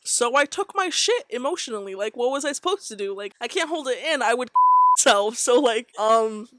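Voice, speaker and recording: A woman's voice: a little high, wildly swooping pitch, normal speed, pushed and bright. A young woman in her twenties telling a personal story in a rambling, casual way, full of "like" and frequent laughter. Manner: rambling, heavy use of filler "like", frequent laughs. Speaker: vlogger. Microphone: decent USB mic on tripod setup.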